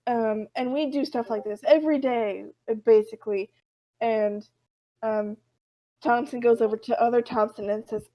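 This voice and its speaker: A woman co-hosting a casual podcast, retelling a comic with animated voices for the characters. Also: fairly high pitch, unhurried, poor audio. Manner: animated storytelling, acting out characters' lines. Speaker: podcast co-host.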